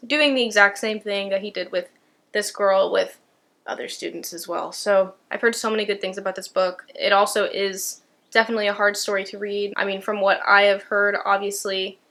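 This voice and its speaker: A book vlogger in her twenties chats casually about books she bought, her voice medium in pitch, steady, and fairly bright at a normal speed. She rambles, leaning on "like" and "you know," with the odd swear word thrown in.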